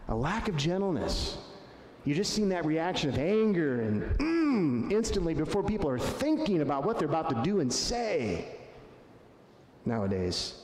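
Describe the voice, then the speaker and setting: A man preaching a sermon as pastor, conversational and earnest, slowing down to stress quoted words. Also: fairly high pitch, sing-song, a little mellow. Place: church sanctuary. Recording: echoey hall, faint room ambience.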